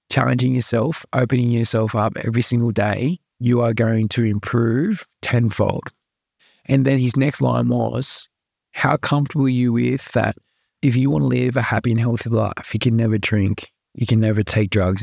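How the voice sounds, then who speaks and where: Gravelly Australian man telling his story. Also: medium pitch, darkish tone, no echo, studio quality. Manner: earnest, repeats himself, full of likes and rights. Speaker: podcast guest. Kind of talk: candid storytelling.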